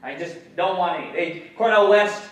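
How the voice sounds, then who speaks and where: A man lectures in a big hall, his fairly high voice ringing with heavy echo. He is animated and questions the audience directly, cursing casually. The mic sits some way from him. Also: moderate pace, recorded from a distance. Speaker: guest speaker, educator. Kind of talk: public lecture.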